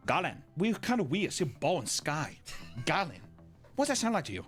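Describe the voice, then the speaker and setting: A man's voice: very high voice, wildly swooping pitch, a little fast, soft background music, pitched above the performer's own voice, heavily acted. A man voicing a pushy male cult leader who talks in choppy, broken phrases. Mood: bossy.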